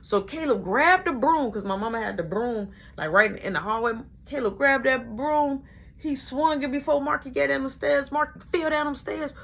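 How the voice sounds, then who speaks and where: A young woman telling a casual story, animated and acting out everyone's voices as she goes. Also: high voice, normal speed, gravelly.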